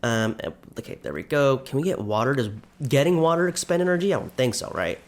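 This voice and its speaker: A man's voice: medium pitch, big pitch swings, fairly quick. A man giving casual, self-deprecating commentary while playing a farming game, chatting to his viewers and a little out of breath. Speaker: let's play gamer.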